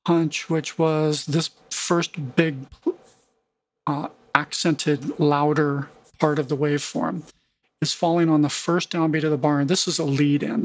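A man teaching music production in a relaxed screen-recorded tutorial, humming rhythms to make his points. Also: fairly high pitch.

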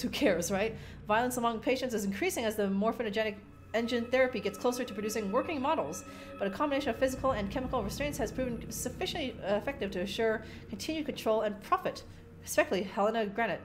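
A young woman narrates her own horror-game run in a loose, profane, joking way, breaking off to read notes aloud and mock them. Her voice sits a little high, and faint music plays underneath. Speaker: streamer playing a horror game. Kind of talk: casual gameplay commentary.

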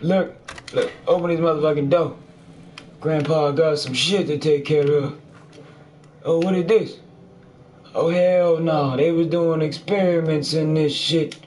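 Loud, crude man doing gameplay commentary. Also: fairly high pitch, fairly even intonation, a little slow, long pauses. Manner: loud, crude, jokey running commentary with frequent cursing. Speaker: gamer. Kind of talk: profane let's play commentary. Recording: faint background noise.

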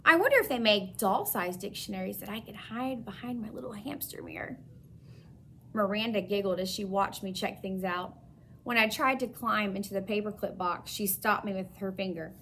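A woman teacher reading a children's chapter book aloud with expressive, lively storytelling. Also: mid-range voice, moderate pace, slight background noise.

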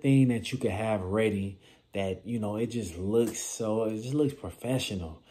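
A man from California with a casual, animated vlogging manner, giving business advice and acting out little scenes. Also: lowish voice, normal speed. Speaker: vending machine business vlogger.

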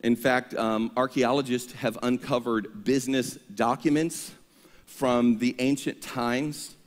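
A male pastor preaching an energetic sermon, leading the congregation in call-and-response. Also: mid-range voice, slow. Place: church sanctuary. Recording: long reverb of a church hall.

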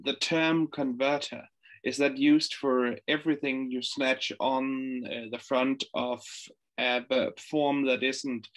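A man's voice: mid-range voice, fairly bright tone. A man in an online class carefully asking the teacher a question. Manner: careful, hesitant phrasing. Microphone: video call.

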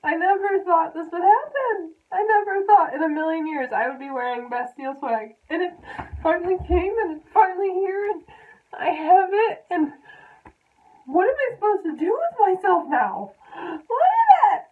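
A young woman in an excited unboxing vlog, giddy and squealing, laughing and near tears. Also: very high voice, normal speed, phone-quality sound. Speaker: vlogger.

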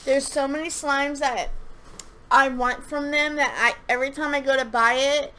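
A woman's voice: high voice, fairly even intonation, normal speed, pushed and bright. A young woman chatting casually through a product review, rambling and gushing, with frequent restarts and fillers. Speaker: slime reviewer and shop owner.

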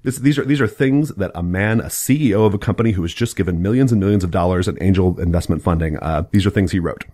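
A man hosting a casual podcast chat, gushing with excitable, profane enthusiasm. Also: low-pitched, fast, hardly any pauses. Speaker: podcast host.

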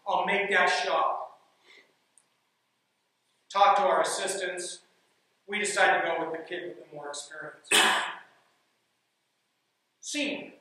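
A man who coaches basketball, telling a team story as an animated speech. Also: high voice. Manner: animated, builds suspense in anecdotes. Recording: echoey room, mic from far off.

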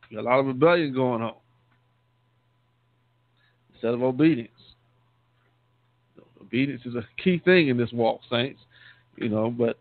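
A man's voice: fairly high pitch, dry recording. A man, a deacon, giving a conversational sermon, often repeating and restarting words and calling his listeners saints. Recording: tinny phone-line sound, dry.

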